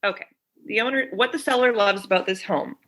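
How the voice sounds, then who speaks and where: A woman, co-hosting a podcast in casual chat. She has a bright, forceful tone. She tells stories with animation and plays out both sides of a conversation. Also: medium pitch, fairly quick. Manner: animated storyteller, acts out both sides of a phone call. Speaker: podcast co-host. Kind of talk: casual chat, retelling a story.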